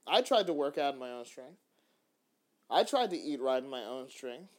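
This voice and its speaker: Animated man giving a faith talk. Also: mid-range voice, moderate pace. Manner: animated, acts out little dialogues, frequent restarts. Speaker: podcast host. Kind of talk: faith-based podcast talk.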